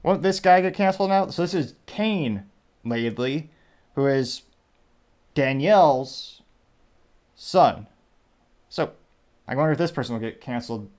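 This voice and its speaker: A man's voice: medium pitch, animated, measured pace, long pauses, a little mellow. A male host in casual commentary mode, reading posts and memes aloud to his viewers. His voice sits in an ordinary middle range, and he drifts into wry, rambling asides between the quotes.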